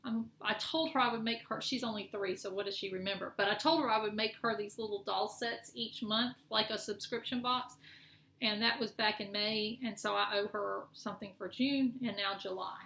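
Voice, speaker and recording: A woman's voice: medium pitch, fairly even intonation, normal speed, creaky, pushed and bright. A middle-aged woman chatting casually in a cross-stitch vlog, rambling and correcting herself as she shows her projects. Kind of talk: casual show-and-tell chat. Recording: echoey room with faint noise.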